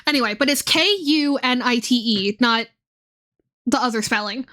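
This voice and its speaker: A woman's voice: a little high, normal speed, bright, forceful tone. A young woman streaming and chatting casually, rambling with lots of fillers and swearing. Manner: rambling, profane, many fillers.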